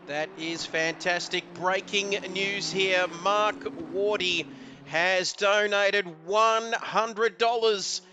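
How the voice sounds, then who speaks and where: A man giving excitable live commentary on a sim race, with frequent "uh" fillers. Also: sits high, slow pace, noisy background. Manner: excitable, hesitant fillers, building to shouts at the finish.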